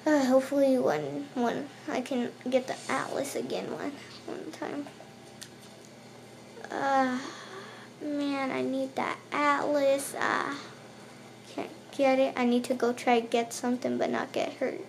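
A high-voiced woman narrates her own game session, yelping and repeating words in frantic bursts when things go wrong. She speaks slowly between those outbursts and heckles the creatures chasing her. A faint hiss sits behind her voice. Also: level tone, gravelly. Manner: talks to the game's enemies. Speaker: gaming channel host. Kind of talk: let's play commentary.

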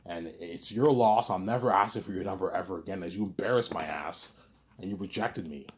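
Rambling young man, low voice. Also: a little fast, a little hiss or hum. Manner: rambling, repetitive, swears often. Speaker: vlogger. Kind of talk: casual monologue.

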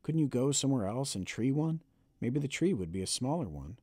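A man reading an audiobook, voicing a patient rural father who speaks in a slow, calm, gentle way. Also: medium pitch, dry recording, studio quality, voice pushed up. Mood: calm fatherly.

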